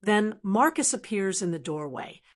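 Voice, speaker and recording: A woman narrating a scripted first-person story in a steady, measured way. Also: medium pitch.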